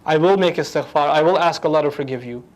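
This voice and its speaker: Animated higher-voiced male Quran teacher. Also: fast, low-quality recording. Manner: animated, humorous, acts out quotes. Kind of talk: lecture on Quranic language.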